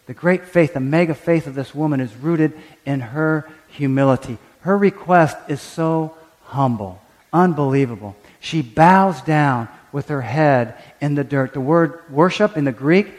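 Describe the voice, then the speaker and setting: In a large hall, a man with a slightly high voice preaches as pastor. Animated, he performs quoted prayers and voices. He often stumbles and restarts his words.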